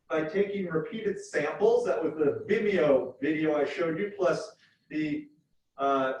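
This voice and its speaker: A man lecturing a university class, explaining step by step and repeating key points slowly. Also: high-pitched, darkish tone. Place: lecture hall. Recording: echoey hall from far off, dull.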